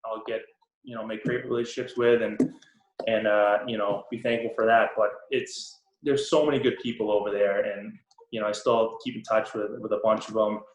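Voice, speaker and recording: A man's voice: on the low side, a little fast, slight background noise. Laid back young guy w a boston accent, lots of ums, sounds kinda roomy. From Boston area. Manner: relaxed, many ums and restarts, laughs easily. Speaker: podcast guest, pro hockey player. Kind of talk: casual interview chat. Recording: roomy echo.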